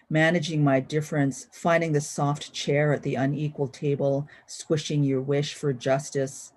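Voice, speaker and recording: A woman poet reading her own poetry at a live-streamed event, slow and deliberate, with lines trailing off quietly, heard over a video call. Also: low voice. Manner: slow, deliberate reading with hushed line endings.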